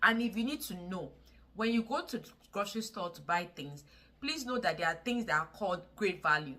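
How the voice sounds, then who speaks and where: A Nigerian woman with a Nigerian English accent speaks to camera in a casual vlog, her lowish voice expressive, brisk, pushed and bright. She sounds earnest and pleading, repeating words for emphasis.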